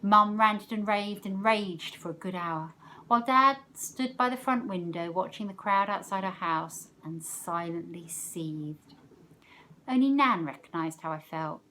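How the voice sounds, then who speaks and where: A woman teacher reading a novel aloud, expressive, letting her loudness rise and fall with the story. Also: mid-range voice, a little hiss or hum.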